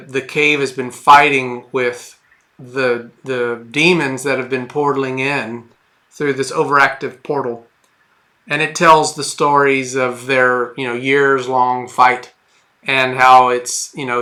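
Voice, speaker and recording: Slow, bright-voiced male game master. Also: medium pitch. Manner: rambling, hesitant with many fillers and restarts. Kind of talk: narrating a tabletop game.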